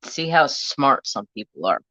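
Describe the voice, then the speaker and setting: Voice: mid-range voice, expressive, unhurried, bright, forceful tone, no room sound. A crafting live-streamer chatting casually and rambling to viewers and a pet at home. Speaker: crafting livestream host. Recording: dull lo-fi home stream audio.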